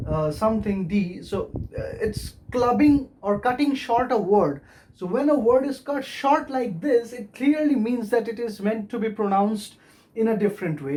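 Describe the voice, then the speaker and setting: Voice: medium pitch, a little mellow, slight background noise. A lecturer giving a recorded video lesson on poetry, patiently explaining and tapping out the stressed beats of verse aloud. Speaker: literature lecturer.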